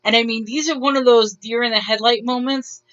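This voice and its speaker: A woman's voice: on the high side, steady tone, brisk, fairly bright tone, clean tone, muffled recording. A woman casually telling retail stories to her viewers in a wry, bemused, chatty way, often restarting her sentences. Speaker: retail worker vlogger. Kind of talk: casual storytelling to camera.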